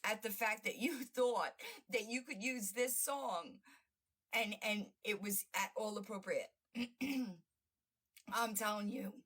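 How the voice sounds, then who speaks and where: A woman hosts a livestream and reacts to videos with blunt, profane mockery and frequent laughter. Her voice is bright and forward. She talks in a sarcastic, loose, casual way. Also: mid-range voice, takes it slowly, pauses often. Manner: brash and profane, often laughing; mocking and sarcastic. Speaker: livestream host.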